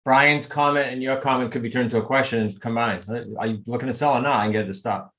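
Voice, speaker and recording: A man's voice: mid-range voice, steady tone, fairly bright tone. A man leads a group coaching call over video in a mid-range voice. He talks emphatically and pushes his listeners with motivational energy. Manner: emphatic, motivational, rapid asides. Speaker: real estate coach.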